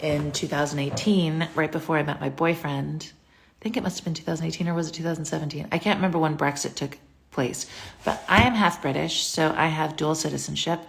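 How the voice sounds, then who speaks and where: A young American woman chats casually on a phone live stream, rambling through answers to viewer questions with lots of fillers. Her voice sits low and creaky, with a steady tone and a slightly fast pace.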